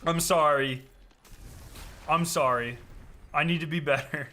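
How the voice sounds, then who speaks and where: A young man giving profane, excitable commentary while playing a game, trash-talking and bursting into yells. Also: on the high side, a little slow. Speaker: gaming video creator. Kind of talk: live gameplay commentary.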